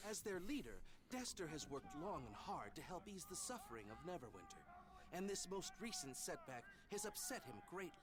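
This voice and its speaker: An earnest game priest, weary but hopeful; keep it solemn and lifted in pitch. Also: male voice, sing-song, brisk, noisy background. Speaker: priest of Tyr. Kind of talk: video game voice acting.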